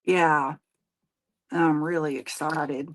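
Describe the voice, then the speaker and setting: A woman in her forties, a little lower in pitch, chats about everyday life while she crafts. She rambles, restarts her sentences and laughs easily. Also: fairly even intonation, extremely slow. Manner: chatty, folksy, laughs often. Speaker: craft show host; nurse. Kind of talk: casual chat while crafting.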